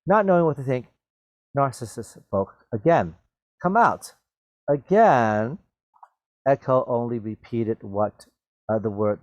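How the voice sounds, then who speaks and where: A man's voice: medium pitch, darkish tone, no echo. Man teaching English, checking in constantly. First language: Mandarin Chinese. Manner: explains words patiently, mixes in Mandarin, asks "okay?" and "right?" often. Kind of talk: vocabulary lesson reading a story aloud.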